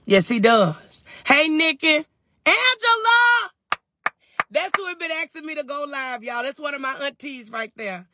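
A woman's voice: sits high, moderate pace, few pauses, a bit bright. A woman fervently on a phone live stream from her parked truck, answering viewers' comments in call-and-response. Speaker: faith and wellness livestream host.

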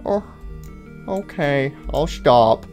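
A man voicing a cheeky young boy who mumbles low and evasive denials in a game-based cartoon. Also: animated, extremely slow, a little mellow, dull audio, soft background music.

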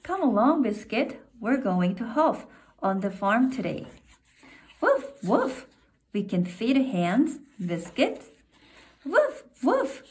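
A woman reading a picture book aloud, slow, clear and sing-song for young listeners. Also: medium pitch, animated, darkish tone. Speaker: storybook reader.

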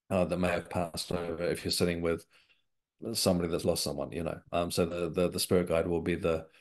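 Sincere and reflective, an author and developing medium from England recounts a personal story as a guest in an interview. His voice sits low and sounds a little mellow.

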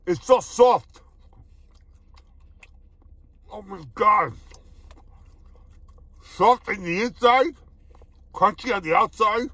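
A man doing a casual food review vlog, excitable, laughing often and calling his viewers "my brothers" again and again. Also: high voice, takes it slowly, dry recording.

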